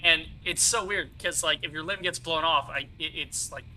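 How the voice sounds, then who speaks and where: A young man streaming a video game, talking casually and explaining each mechanic as he goes, with plenty of asides. His voice is very bright and sits a little high for a man, close to a desk mic with a faint hiss behind it. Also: moderate pace, rough recording. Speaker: gaming streamer. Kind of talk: casual let's-play commentary.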